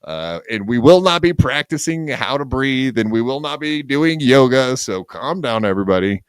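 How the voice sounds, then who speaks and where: A man's voice: medium pitch, expressive, moderate pace, clear, resonant tone, no echo. Teasing, profane podcast host man. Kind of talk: casual podcast banter.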